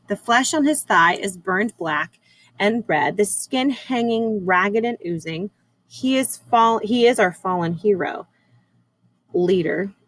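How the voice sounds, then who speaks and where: A woman teacher reading a novel aloud at a measured, unhurried pace, with occasional small slips. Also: medium pitch, poor audio. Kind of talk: read-aloud chapter book narration.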